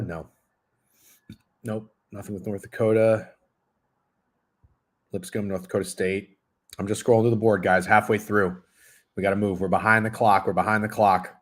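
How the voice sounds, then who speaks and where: A man in his thirties hosting a sports betting stream, chatting casually and profanely while reading chat messages. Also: fairly low pitch. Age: 30s. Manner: profane, rambling, talks with mouth full at times. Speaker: sports betting show host.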